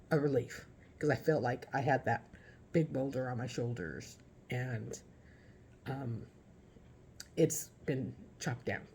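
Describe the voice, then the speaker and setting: A woman giving a casual, heartfelt vlog update from home about caring for her father, talking haltingly with many restarts, teary at times. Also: a bass voice, darkish tone, slight background noise.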